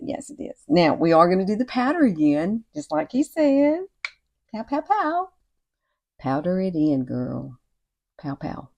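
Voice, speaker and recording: A woman, chatting warmly and encouragingly through a makeup tutorial at home. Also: sits low, creaky. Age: 60s. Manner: chatty and encouraging, often says y'all and girl. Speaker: beauty vlogger. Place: home at night with cicadas outside.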